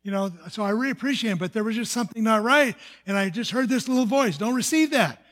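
A man's voice: high-pitched, quick pace, fairly bright tone. An older man from the United States, a pastor, telling a personal testimony in an earnest storytelling sermon, often restarting his sentences.

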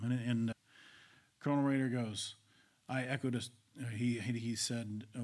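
A male preacher delivering a sermon, storytelling with swings between loud and whispered delivery. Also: medium pitch, fairly even intonation, moderate pace, gravelly, breathy edge.

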